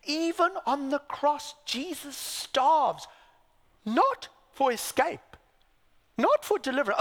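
A man preaching a sermon, dramatic, swinging from loud exclamations to near whispers. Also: extremely high pitch, sing-song, slow pace. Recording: long hall reverb.

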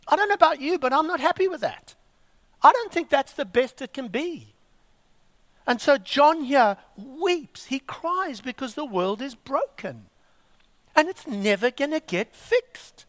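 A man preaching a sermon, emphatic and full of rhetorical questions and dramatic pauses. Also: very high voice, a bit bright, no echo. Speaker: pastor.

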